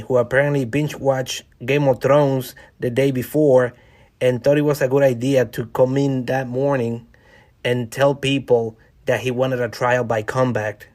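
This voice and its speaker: A man's voice: medium pitch, darkish tone. Wry, chatty male podcast host. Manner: conversational, wry, addresses listeners directly. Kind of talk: casual solo podcast monologue.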